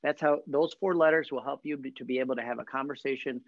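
A man's voice: medium pitch, fairly even intonation, fast talker, creaky, no echo, dull audio. A man, a real estate trainer, talking in a casual upbeat way and joking as he acts out small talk. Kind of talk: casual podcast chat.

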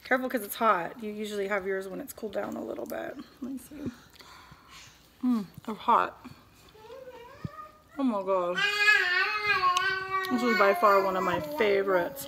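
A woman's voice: medium pitch, normal speed, long pauses. A woman chatting casually as she cooks at home, cooing to her baby in between. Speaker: cooking vlogger and mother. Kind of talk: casual cooking vlog chat. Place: home kitchen. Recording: noisy home recording. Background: baby crying.

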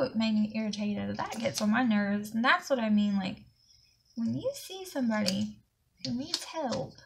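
This Southern US woman, a planner vlogger, tells a lengthy, indignant story in a chatty, rambling way, a little short of breath. Her mid-range voice keeps a moderate pace against a noisy background.

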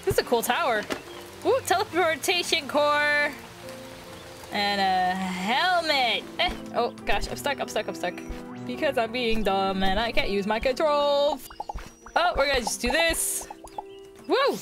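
A bubbly woman with a high voice chats her way through a video game, gasping and squealing whenever something cute turns up. Her commentary is casual and excitable. Game music plays clearly behind her. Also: measured pace. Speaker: gaming video host. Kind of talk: casual let's-play commentary.

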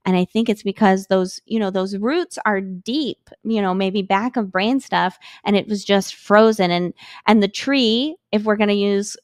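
A woman's voice: medium pitch, measured pace, no echo, studio quality. A woman from the United States, a podcast guest, talking in a chatty, filler-heavy conversational way. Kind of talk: casual conversation.

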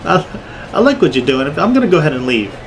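Man, comedic game commentary, high lively voice, bright, yelps and swears, game music behind. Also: fast. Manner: loud, jokey, swears and yelps in fright. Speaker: gaming video creator.

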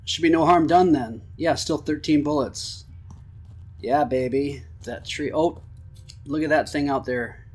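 A man giving excitable let's-play commentary on a horror game, swearing and talking to the game. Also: on the high side, measured pace, breathy edge. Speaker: gamer.

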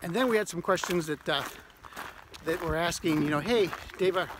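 A man from Ohio co-hosting a casual chat, halting with lots of fillers and laughs. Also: a little high, noisy background. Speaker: co-host.

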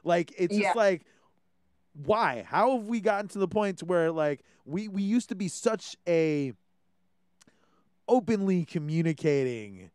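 A man's voice: high-pitched, expressive, a little slow, a little mellow, clean tone, no room sound, clean studio sound. A young man with a Hawaiian accent hosting a casual podcast, rambling and ranting with plenty of swearing. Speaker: podcast host. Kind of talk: casual monologue.

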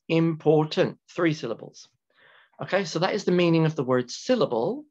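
A man teaching an English grammar lesson to students, talking slowly and deliberately, repeating key words and stretching them for emphasis. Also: on the high side. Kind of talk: recorded classroom grammar lecture. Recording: dull lo-fi lecture recording with keyboard typing.

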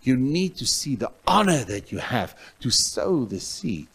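A male pastor from South Africa preaching a sermon in a church, telling a story with loud outbursts that drop to soft asides. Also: mid-range voice, big pitch swings, unhurried, slightly rough.

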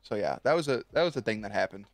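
A man's voice: fairly low pitch, lively intonation, quick pace, creaky, no echo, soft background music. Profane, chatty male streamer. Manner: loose, profane, chatty, many restarts. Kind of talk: casual live-stream chat and storytelling.

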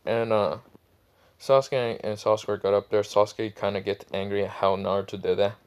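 A man's voice: fairly low pitch, flat delivery, moderate pace, darkish tone, clean tone. A man casually retelling a fan story in a rambling, irreverent way, full of fillers.

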